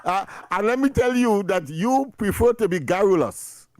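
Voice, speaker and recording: A Trinidadian man co-hosting a radio show, full of laughs, quick comebacks and repeated words. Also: high-pitched, animated, a little mellow, no echo. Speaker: radio co-host. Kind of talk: call-in radio banter.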